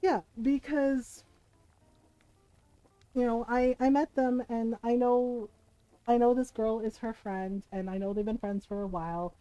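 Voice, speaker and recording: A woman's voice: fairly high pitch, warm tone, dry recording, poor audio. A woman streaming from home, chatting casually as she tells a story, often asking "right?" and laughing as she goes. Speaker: streamer and mother. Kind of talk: casual storytelling chat while streaming a game. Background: faint game music.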